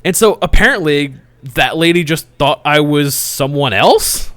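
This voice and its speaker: A young man with a somewhat high voice tells a story on a casual podcast. His pitch swings a lot, and he laughs and swears as he gets worked up. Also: lively intonation, unhurried, a bit bright. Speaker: podcast co-host.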